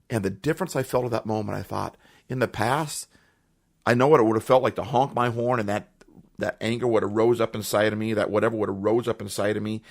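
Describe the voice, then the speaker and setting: A man's voice: on the low side, fairly even intonation, quick pace, creaky. A man hosting a podcast, talking earnestly and emphatically in a motivational monologue, repeating phrases for effect. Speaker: podcast host.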